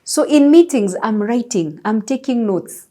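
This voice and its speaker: A woman's voice: a little high, unhurried. A middle-aged Kenyan woman with a Kenyan accent, a business executive telling stories in a casual interview and acting out the dialogue as she goes. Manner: animated storyteller acting out dialogue.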